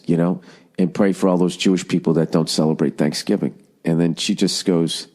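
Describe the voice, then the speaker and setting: A middle-aged man hosting a podcast, rambling casually with lots of swearing and sarcastic rants. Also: darkish tone. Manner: profane, ranting, sarcastic, jumps into high mocking voices. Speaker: podcast host.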